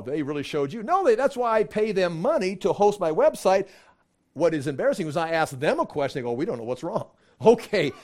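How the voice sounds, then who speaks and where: A man teaching a casual Bible study, acting out the dialogue in his own voice and laughing as he gets animated. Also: on the high side.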